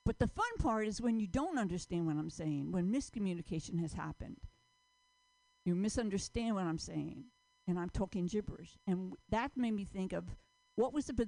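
A woman's voice: mid-range voice, gravelly, darkish tone, no room sound, low-quality recording. A woman doing a stand-up set at an open mic, rambling and self-mocking, often trailing off.

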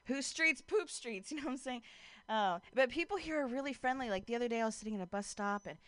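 Bright, crisp young woman doing street stand-up. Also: a little high, fast talker, no room sound. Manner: casual, laughs between jokes, chats with passers-by. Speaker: stand-up comic. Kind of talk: street-corner stand-up set. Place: outdoors on a street corner.

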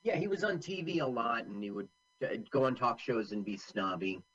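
A man's voice: medium pitch, sing-song, a little fast, a bit bright, muffled recording. A man co-hosting a casual movie commentary, chatty and full of film trivia. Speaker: co-host.

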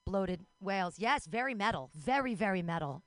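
A young adult woman doing a wry, self-mocking stand-up set out in the street, with quick asides and put-on voices. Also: mid-range voice, animated, no room sound. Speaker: stand-up comic. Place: street outdoors.

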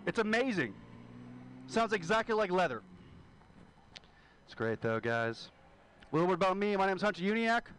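A man's voice: sits high, a bit bright, slight background noise, poor audio. A young man doing a crude, brash, self-deprecating stand-up set at a small club. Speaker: stand-up comic.

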